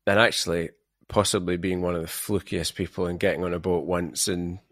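A man's voice: low voice, little pitch movement, fairly quick, fairly bright tone, no echo, studio quality. A man hosting an interview, chatting casually and telling rambling travel stories. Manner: rambling, anecdotal storyteller. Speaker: podcast host.

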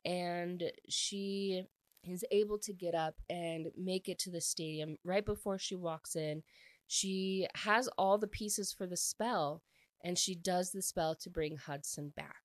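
A woman with a low, deep-set voice talks through a book's plot in a loose, chatty way, stringing events together with frequent filler words. The sound is close and dry, with no room around it. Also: steady tone, slow pace, no echo. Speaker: book reviewer. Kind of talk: casual book recap.

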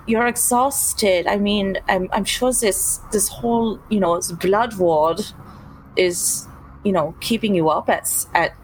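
A woman's voice: mid-range voice, takes it slowly, a little hiss or hum, natural voice, poor audio. A woman voicing a frank, caring female vampire who speaks bluntly and stammers when upset. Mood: confrontational.

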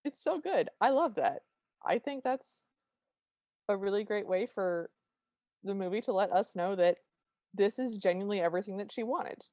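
A woman's voice: mid-range voice, expressive, normal speed, pauses often, a little mellow, no echo. A woman co-hosting a podcast, casually retelling a TV special's plot and quoting its lines. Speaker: podcast co-host. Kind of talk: casual chat recapping a TV special.

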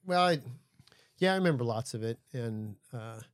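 A man's voice: medium pitch, normal speed, no echo, clean studio sound. A middle-aged man, a guest on a podcast, chatting casually and telling stories, sometimes acting out other people's lines. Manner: relaxed storyteller, acts out voices in anecdotes. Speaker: guest, solo ocean racer. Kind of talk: casual chat. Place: aboard a boat studio.

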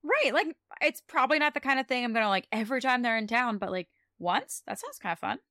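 Young woman podcast co-host, chatty and animated, slightly high voice, dry close sound. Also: quick pace, no room sound. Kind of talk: casual chat recapping a TV episode.

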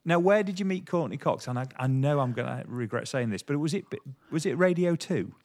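Male co-host, playful, animated pitch. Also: a little fast. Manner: teasing, laughing often. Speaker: podcast co-host. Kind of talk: casual chat.

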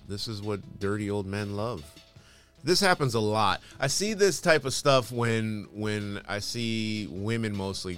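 A man's voice: deep voice, a bit bright. A man hosting casual news commentary, reading headlines aloud and adding sarcastic, dismissive asides.

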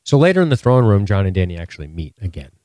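A man's voice: sits low, big pitch swings, very fast, warm tone, dry recording. A man co-hosting a podcast, recapping a TV episode in casual chat, swearing freely and laughing often. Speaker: podcast co-host.

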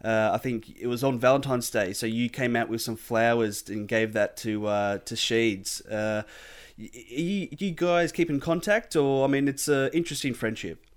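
A man hosting an interview, asking questions casually with lots of pauses and fillers. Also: mid-range voice, steady tone. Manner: hesitant, many fillers. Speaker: podcast host.

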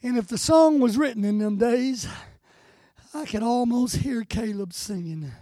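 Older male guest preacher, high-pitched, dry sound, impassioned and rising to shouts. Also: measured pace, dry recording. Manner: impassioned, swelling to shouts, near tears. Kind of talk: sermon.

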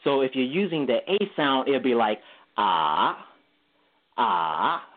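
A man on a tinny phone line talks through the tones of Mandarin, singing short vowel sounds to show how each one moves. His voice sits at a middling pitch, and he laughs easily as he explains. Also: fairly quick. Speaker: guest language teacher. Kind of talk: casual interview explanation.

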